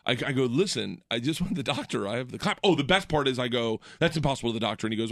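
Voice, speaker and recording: Guy in his 30s rambling through a story, laughs a lot, bright voice, dry close sound. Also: racing, no echo. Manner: rambling, self-deprecating, laughs a lot, drops into low deadpan voices for quoted people. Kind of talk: casual storytelling chat.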